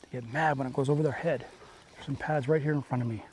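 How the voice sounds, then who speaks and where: A man hosting a fishing show from a boat on a lake, talking in punchy, excitable, salesy bursts. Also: mid-range voice, fast, a little hiss or hum. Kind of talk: on-the-water fishing commentary.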